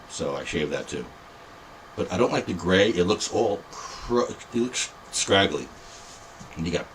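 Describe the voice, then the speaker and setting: A man's voice: deep voice, a little hiss or hum. A middle-aged man hosting a podcast in casual, rambling, self-mocking chat. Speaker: podcast host.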